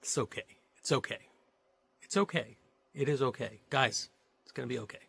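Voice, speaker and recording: A man's voice: medium pitch, moderate pace, vocal fry, a bit bright, husky. A man voicing a brave, cocky teenage boy from a novel read aloud, repeating himself in a hammy, playful way. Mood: eager, reassuring.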